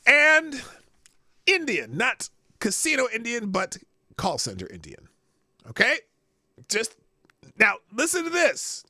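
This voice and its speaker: A man's voice: extremely high pitch, huge pitch swings, takes it slowly, pauses often, pushed and bright, dry recording, studio quality. A man hosting a livestream, reacting casually to clips and chat with frequent laughs. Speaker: livestream host.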